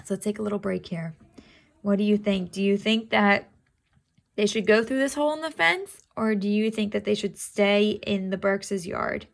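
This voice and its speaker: A woman's voice: medium pitch, normal speed, creaky. A woman teacher reading a chapter book aloud to students, stopping to ask questions and explain vocabulary in an encouraging way.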